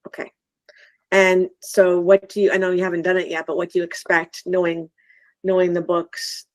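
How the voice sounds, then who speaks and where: A woman's voice: on the low side, completely flat delivery, moderate pace, dry recording. Bubbly woman hosting a livestream. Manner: bubbly, enthusiastic, scattered. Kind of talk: casual live chat.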